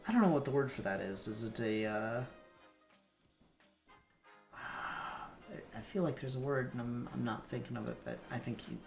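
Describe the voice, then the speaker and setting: A man's voice: mid-range voice, normal speed, vocal fry. A man co-hosting a podcast, rambling casually with lots of fillers and the odd swear word. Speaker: podcast co-host. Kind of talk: casual comic book discussion. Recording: echoey room with faint music.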